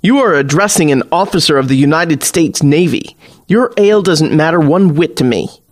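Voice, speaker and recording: Man reading proud young navy officer, stiff and formal, indignant, fairly high voice. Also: lively intonation, moderate pace.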